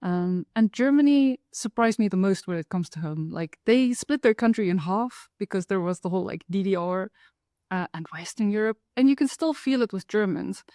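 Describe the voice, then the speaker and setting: A woman's voice: medium pitch, normal speed, no room sound, studio quality. Wry woman telling stories. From South Africa. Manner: lively, wry, acts out the people in her stories. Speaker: author and storyteller. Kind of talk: personal storytelling monologue.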